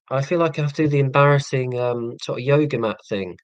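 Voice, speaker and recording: A man's voice: mid-range voice, brisk, dry recording, low-quality recording. Rambling self-mocking English man in his forties. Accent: southern English, Hampshire. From England. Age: 40s. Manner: rambling, self-deprecating, sarcastic; hesitant, many ums and restarts. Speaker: live stream host. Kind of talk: casual live stream chat with viewers.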